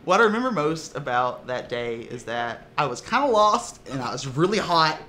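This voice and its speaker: A man's voice: fairly high pitch, sing-song, normal speed, pushed and bright. A man who plays in a tabletop game, talking casually in an interview, restarting and repeating words as he goes. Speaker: tabletop game player and actor.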